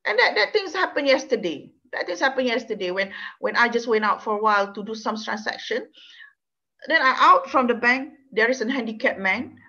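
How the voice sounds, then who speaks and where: A woman with a Malaysian accent gives a university law lecture. She speaks earnestly and with feeling, in a slightly high voice. The recording is dull and lo-fi. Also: animated, a little fast, sharp tone. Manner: earnest, emotional, repeats words, non-native phrasing. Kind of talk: university lecture with personal story. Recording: dull lo-fi sound.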